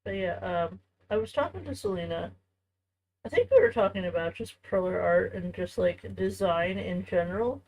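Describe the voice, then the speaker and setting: A woman with a fairly low, darkish voice speaks at a normal speed on poor audio. She's live-streaming from home, chatty with her viewers as she works on a craft.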